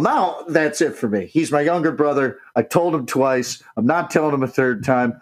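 Animated, profane young man telling a story. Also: on the high side, rough recording. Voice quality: profane, animated, acts out quoted voices. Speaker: podcast co-host. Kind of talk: casual storytelling.

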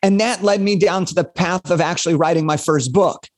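A man in his late twenties, a guest telling an energetic story on a podcast and acting out the quotes. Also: sits high, fairly quick. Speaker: guest, speaker and author.

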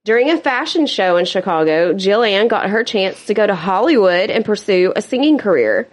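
A woman's voice: mid-range voice, expressive, normal speed. A woman co-hosting a true-crime podcast, chatting casually, laughing often and tossing in blunt asides. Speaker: podcast co-host.

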